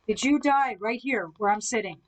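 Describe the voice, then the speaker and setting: A woman with a somewhat high voice runs a live spirit box session from indoors at someone else's home. She talks calmly and patiently, asking the spirits questions one after another. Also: normal speed, poor audio. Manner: calm, coaxing questions to spirits. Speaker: ghost hunter host.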